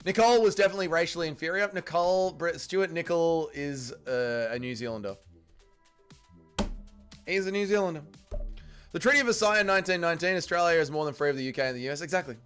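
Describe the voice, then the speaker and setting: Man, stream host, casual fight watch-along, crude jokes, swearing, slightly high voice, faint music underneath. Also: lively intonation, brisk, long pauses, fairly bright tone. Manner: crude, joking, swears freely. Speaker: livestream host. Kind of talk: casual watch-along commentary, reading chat.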